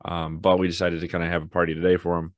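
A young man with a very low, deep voice chats casually on a podcast, telling home stories with animation. He jumps into high, squeaky voices to act out his toddler. The sound is dry and close, with no room echo. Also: flat delivery, rapid-fire. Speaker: podcast co-host. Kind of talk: casual chat.

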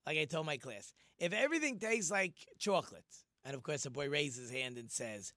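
High-voiced man teaching scripture. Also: normal speed, no room sound, clean studio sound. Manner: animated, acts out quoted speech in different voices. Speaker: Torah teacher. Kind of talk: informal Bible lesson.

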